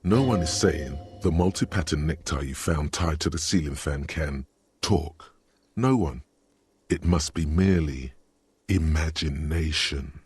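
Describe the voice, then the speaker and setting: A man's voice: extremely low pitch, measured pace, darkish tone, slightly rough, no echo. A man giving dry, sardonic scripted narration for a video game.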